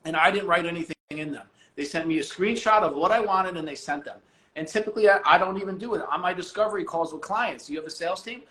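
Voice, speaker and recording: A man talking as a podcast guest, blunt and animated, swearing casually. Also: high voice, echoey room. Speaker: guest, business owner.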